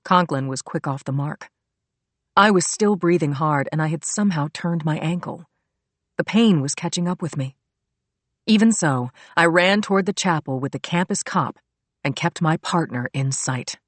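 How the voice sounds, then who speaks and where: A woman's voice: low voice, animated, normal speed, no echo. Woman narrating a thriller, dry sound. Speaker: audiobook narrator. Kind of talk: scripted narration.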